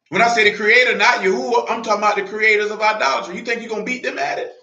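A male preacher giving an emphatic sermon in blunt street talk, often building to shouts. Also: high-pitched, steady tone, racing, creaky, few pauses. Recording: roomy, dull lo-fi recording.

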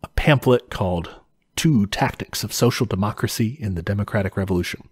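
A man with a somewhat low voice talks through history in casual podcast chat. He is laid-back, chuckles often and swears casually. The sound is dry and close, with no room around it. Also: fairly quick, a little mellow, husky, no echo. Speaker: podcast co-host explaining history.

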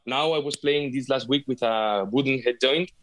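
Man, Spanish accent, flute player guest, video call, halting, repeats words, mid pitch. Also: a bit bright. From Spain. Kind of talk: casual video call interview.

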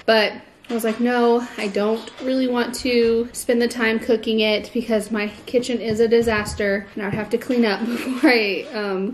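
A young pregnant woman vlogs casually to a handheld camera while running errands and relaxing at home, her medium-pitched speech full of "like" fillers. A little hiss or hum sits under the audio.

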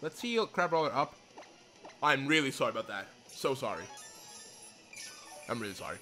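A young man giving casual commentary while playing a video game, excitable and swearing, with many apologies. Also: mid-range voice, moderate pace. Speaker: let's play gamer. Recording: game music behind the voice. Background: faint game music.

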